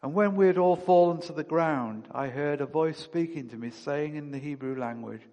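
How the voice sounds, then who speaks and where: A man's voice: fairly high pitch, normal speed, few pauses, mellow, big-room sound. A man preaching a sermon, reading scripture aloud and then speaking with rising emphasis.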